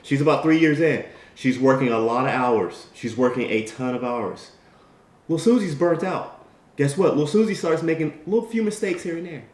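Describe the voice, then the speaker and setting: A man's voice: a little high, normal speed, echoey room. A man giving a motivational talk, telling a story in a conversational way and acting out the people in it. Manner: animated storyteller acting out quoted characters; conversational, repeats "right?" and "you know". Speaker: motivational speaker.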